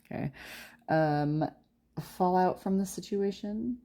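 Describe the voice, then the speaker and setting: A young woman talks through a tarot reading in a relaxed, chatty way and laughs often as she addresses her viewers. Her voice sits low in pitch and has a gravelly fry running through it. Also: takes it slowly. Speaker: tarot reader. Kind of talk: casual pick-a-card tarot reading.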